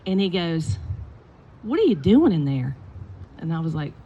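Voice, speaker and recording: A middle-aged woman, a basketball coach, telling lively stories in a eulogy and acting out the quotes. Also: deep voice, normal speed, breathy edge, dull audio. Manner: animated storytelling with acted quotes. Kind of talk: eulogy with storytelling. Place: indoors at a funeral gathering.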